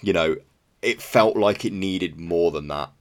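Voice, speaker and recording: A man's voice: deep voice, a little slow. A man co-hosting a podcast, chatting enthusiastically and rambling about sneakers, swearing casually. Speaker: podcast co-host.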